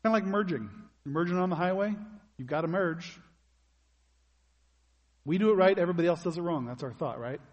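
Husky-voiced pastor preaching in a hall. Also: male voice, high voice, brisk, long pauses, dull audio. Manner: conversational preaching, asks the congregation questions. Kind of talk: sermon.

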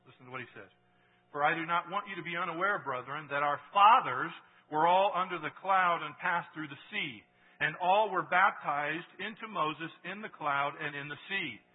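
A man preaching a sermon as pastor, animated and rising loud when he reads scripture. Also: fairly high pitch, moderate pace, slightly rough. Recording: phone-like sound, long hall reverb.

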